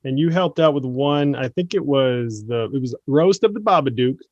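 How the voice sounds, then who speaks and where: A man guesting on a comedy podcast, rambling with many pauses and restarts. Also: mid-range voice, lively intonation, a little mellow, no room sound, highs cut off. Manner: rambling, hesitant, fillers.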